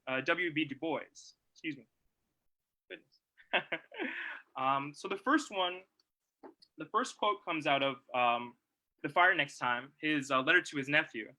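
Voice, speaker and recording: A young man giving a reflective presentation, talking in a halting, thoughtful way with many pauses and restarts. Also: a little high, sharp tone, low-quality recording. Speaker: presenter at a livestreamed celebration.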